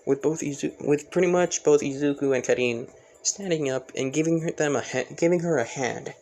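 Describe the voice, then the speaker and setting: A man's voice: fairly high pitch, moderate pace, darkish tone, a little hiss or hum. A man casually narrating a fan story, rambling with many fillers and self-corrections.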